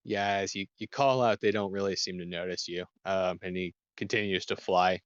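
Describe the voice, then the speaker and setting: A man's voice: low-pitched, fairly even intonation, moderate pace, clear, resonant tone, no echo, highs cut off. A man running a tabletop game as game master, hesitant and filling with "kinda" and "uh".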